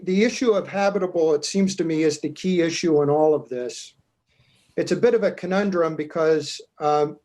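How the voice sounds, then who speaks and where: A zoning board member at a public meeting, reading out and explaining building code in a deliberate, measured way with frequent pauses. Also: male voice, on the high side, a little mellow.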